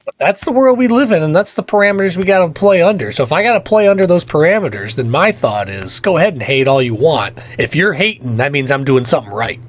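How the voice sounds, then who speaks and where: A middle-aged man chats casually on a game livestream, ranting in a fired-up way with cussing and laughter. His voice is a little high and sing-song, coming fast with few pauses.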